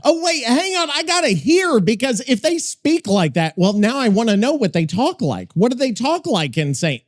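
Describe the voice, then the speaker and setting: Excitable high-voiced podcast host man. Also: normal speed. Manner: profane, excitable, rambling. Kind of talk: casual podcast chat.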